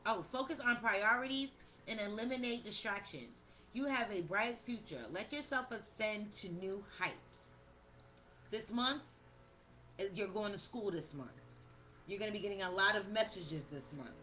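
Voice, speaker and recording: A woman's voice: medium pitch, moderate pace, pushed and bright, poor audio. A woman giving a casual monthly tarot reading to her viewers, chatty and direct, calling them y'all and reading the card texts aloud. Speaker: tarot reader and spiritual coach. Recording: faint outdoor yard noise behind.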